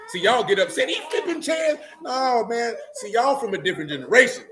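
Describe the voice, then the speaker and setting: A middle-aged man preaching in loose talk, joking and mocking with loud bursts. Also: extremely high pitch, expressive, a little fast, few pauses. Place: church meeting room.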